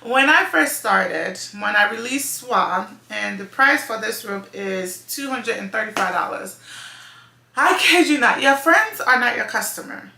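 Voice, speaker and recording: A woman's voice: medium pitch, animated, a little slow, vocal fry, few pauses, bright, forceful tone, reverberant. A woman running a clothing brand, giving earnest casual advice on a vlog, often correcting herself mid-sentence. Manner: earnest, effusive, restarts and self-corrections. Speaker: clothing brand owner and channel host.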